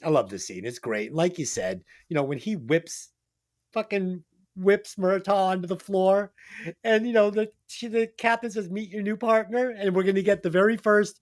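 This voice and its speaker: An enthusiastic man co-hosting a movie review podcast, his voice sitting a little higher than most men's. He chats casually, swears freely, and piles on praise. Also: moderate pace. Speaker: podcast co-host.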